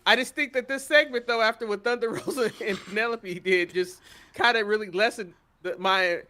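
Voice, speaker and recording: A man co-hosting a casual wrestling recap, opinionated and quick to swear, stammering when he gets excited. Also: sits high. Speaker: podcast co-host.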